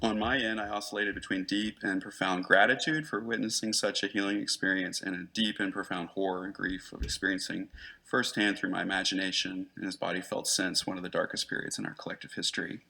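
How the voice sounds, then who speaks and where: Gravelly man presenting a case study. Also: deep voice, steady tone, sharp tone. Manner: reads prepared case notes in an earnest, measured way. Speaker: conference presenter, therapist.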